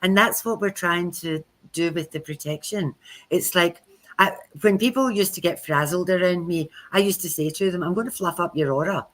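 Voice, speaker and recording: A woman's voice: lowish voice, moderate pace. A woman co-hosting a live spiritual chat, telling chatty anecdotes and acting out the quoted speech. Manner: chatty storyteller who acts out quoted speech. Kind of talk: casual live-stream talk.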